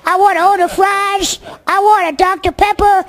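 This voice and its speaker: A man voicing a tiny cartoon duckling who pleads in a squeaky, sweet voice. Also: flat delivery, moderate pace, fairly bright tone. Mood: pleading.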